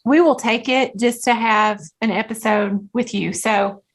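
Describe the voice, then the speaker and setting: A Southern US woman with a slightly high voice, co-hosting a casual podcast. She keeps up friendly back-and-forth with her partner and teases her easily. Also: fairly even intonation, measured pace. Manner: friendly, teasing banter. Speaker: podcast co-host, school counselor. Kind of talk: casual chat.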